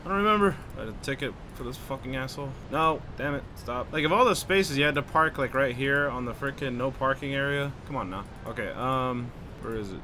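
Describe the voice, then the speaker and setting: Cursing gamer muttering over game noise. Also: male voice, medium pitch, fairly quick, hardly any pauses. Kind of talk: let's play commentary.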